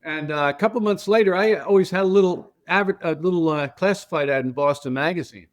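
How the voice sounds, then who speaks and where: An older man tells a story as a podcast guest, lively and animated as he slips into the voices of the people in it. His voice sits a little higher than most men's. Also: fairly quick. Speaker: guest, transportation company founder. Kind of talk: casual storytelling.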